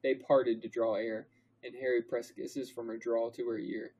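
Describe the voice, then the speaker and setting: Husky young man reading aloud deadpan. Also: mid-range voice, normal speed, lo-fi sound. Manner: mock-dramatic, deadpan narration with put-on character voices. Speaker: podcast co-host reading fan fiction aloud. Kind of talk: comedic dramatic reading.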